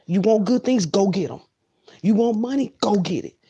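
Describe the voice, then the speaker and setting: A woman's voice: mid-range voice, lively intonation, normal speed, mellow. A woman, bluntly lecturing her viewers in a motivational rant and repeating lines for emphasis. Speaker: vlogger.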